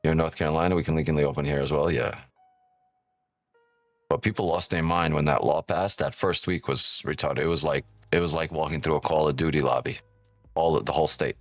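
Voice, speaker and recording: A man's voice: rumbling low, steady tone, fairly quick, no room sound, faint music behind. A man hosting a live trading stream, joking and teasing viewers in casual, profane banter. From New York.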